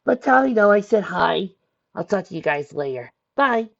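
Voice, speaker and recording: A man putting on a bedridden teenage girl from a read-aloud fan fiction, her voice pushed high and lively, sliding around as she snarks. The sound is a dull, lo-fi home recording. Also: normal speed, gravelly, no room sound, exaggerated voice. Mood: tired. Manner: high, snappy and sarcastic. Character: sick, sarcastic teenage girl stuck in bed.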